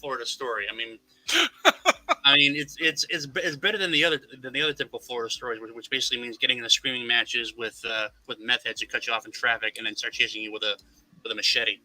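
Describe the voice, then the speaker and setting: A man's voice: mid-range voice, expressive, quick pace, sharp tone, low-quality recording. A man telling a long story in a casual podcast chat, rambling and swearing, restarting his sentences again and again. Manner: rambling, lots of repeated restarts, wry and profane. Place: Florida.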